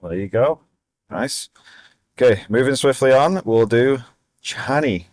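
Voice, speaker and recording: A man co-hosting a casual movie chat, briskly moving the group from one pick to the next. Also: medium pitch, lively intonation, a little mellow, no room sound. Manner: brisk, keeps the segment moving. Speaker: podcast co-host.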